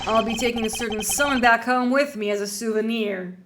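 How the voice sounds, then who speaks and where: A woman's voice: on the high side, fairly even intonation, fairly quick, noisy background, close to an everyday voice. A woman voicing a cocky, swaggering male agent with a put-on Southern US accent, reading game dialogue over music. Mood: cocky taunting. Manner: teasing, brash, drawling.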